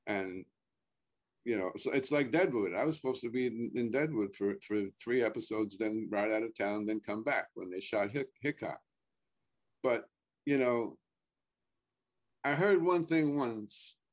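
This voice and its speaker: A man chatting casually as a guest actor, starting over and repeating words, swearing offhand. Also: on the low side. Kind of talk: casual podcast chat.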